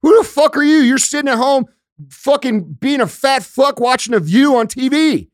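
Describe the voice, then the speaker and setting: A man with a notably high voice for a male speaker hosts a podcast, ranting bluntly and swearing freely. He talks close to a studio microphone in a dry, dead-sounding space with no room echo. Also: moderate pace. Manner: profane, blunt, emphatic; conversational, uses everyday analogies. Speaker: podcast host. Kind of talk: casual podcast rant.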